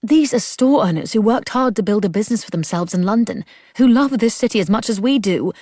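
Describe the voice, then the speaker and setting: A woman's voice: on the high side, big pitch swings, a little fast, a little mellow, slightly rough, dry recording, studio quality, voice pushed up. A woman voicing Grace, a young air raid warden who grows vehement and pleads in a raised voice.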